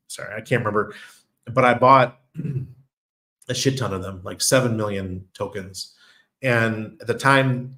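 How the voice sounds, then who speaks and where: A man's voice: lowish voice, a bit bright. A man with a New York accent talking casually to his viewers, telling stories and laughing often. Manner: chatty storyteller, laughs often. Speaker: crypto channel host. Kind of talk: casual monologue.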